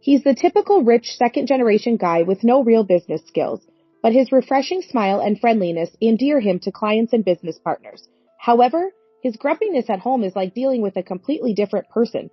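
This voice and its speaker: A woman's voice: on the high side, expressive, brisk, slightly rough, no room sound, faint music behind. A woman in her forties narrating a story in an earnest, plaintive way. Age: 40s. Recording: dry, dull lo-fi recording.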